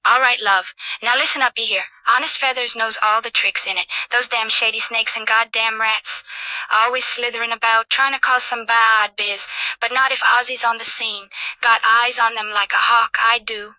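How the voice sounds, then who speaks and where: Brash male ostrich guard played by a woman, street slang, menacing swagger, very bright voice. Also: on the high side, fairly even intonation, normal speed, dry recording, poor audio. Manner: slangy, tough-talking threats.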